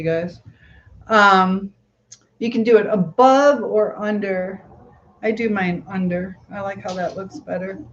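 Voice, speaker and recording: A woman's voice: medium pitch, lo-fi sound. A woman hosting a casual live-stream chat, answering viewers as she braids her hair.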